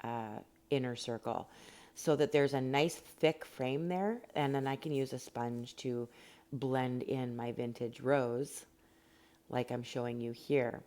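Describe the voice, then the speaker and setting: Speaking slowly in a very deep, darkish voice, a Canadian rock painting instructor narrates a casual tutorial indoors at home. She rambles and chats, leaning on plenty of fillers.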